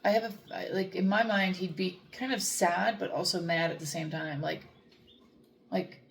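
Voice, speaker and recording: A woman who trains dogs speaks earnestly and rambles, restarting her sentences as she talks about faith. Her voice sits on the low side with a gravelly edge. A faint hiss of noise runs underneath. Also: normal speed. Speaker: dog trainer. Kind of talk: reflective faith talk to camera.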